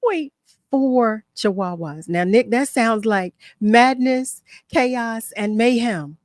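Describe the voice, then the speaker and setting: A woman's voice: fairly high pitch, takes it slowly, dry recording. Radio host lady, gushing and repeating herself, dry close studio mic. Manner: effusive, repeats phrases, affectionate. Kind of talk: warm radio talk show chat.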